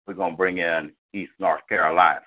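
A man hosting a call-in show in relaxed, slangy casual chat, often repeating his phrases. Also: low-pitched, fairly quick. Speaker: show host. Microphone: phone. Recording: tinny phone line.

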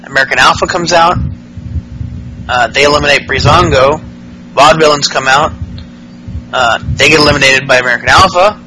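Bright-voiced man recapping casually. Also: fairly high pitch, fairly quick, long pauses, a little hiss or hum, rough recording. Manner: profane, rambling retelling full of fillers. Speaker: podcast host.

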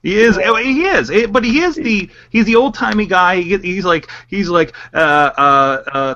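Male podcast co-host, excitable chatter, dull lo-fi sound. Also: high voice, normal speed, hardly any pauses. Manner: animated, excitable, stumbles over words. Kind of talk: casual chat. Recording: muffled lo-fi audio.

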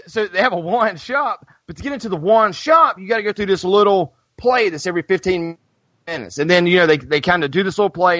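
A man co-hosting a podcast, telling stories in a casual, animated chat. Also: high voice, dry recording, muffled recording. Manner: animated storyteller, laughs often. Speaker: podcast co-host.

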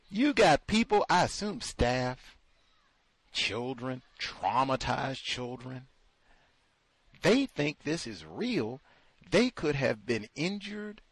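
A man's voice: sits high, no echo. A man hosting a talk show, delivering sarcastic, incredulous commentary full of rhetorical questions. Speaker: host.

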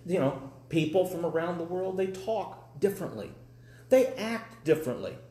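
A man's voice: high voice, darkish tone, reverberant. A man preaching a live sermon in a folksy, conversational way, with dry humor.

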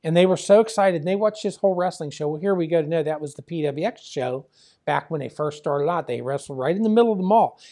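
A man's voice: a little high, fast talker, warm tone. Chatty older man telling a long story. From Pittsburgh area. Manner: chatty, many fillers, acts out quoted dialogue. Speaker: guest, former wrestling promoter. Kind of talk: rambling storytelling.

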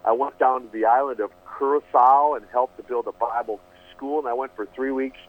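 A man's voice: medium pitch, fairly even intonation, a little fast. A man guest telling his story earnestly, often restarting and repeating words, speaking on a phone line. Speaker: guest, preacher. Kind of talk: storytelling testimony.

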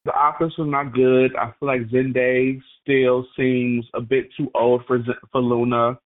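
A man calling into a talk show, speaking in a measured, hesitant way with many pauses. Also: mid-range voice, flat delivery. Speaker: caller. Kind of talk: casual chat. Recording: tinny phone line.

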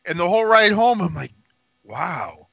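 Male podcast co-host, high and bright, slow and laid-back, swears freely. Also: lively intonation, no echo, highs cut off. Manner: laid-back, profane storytelling. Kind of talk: casual chat.

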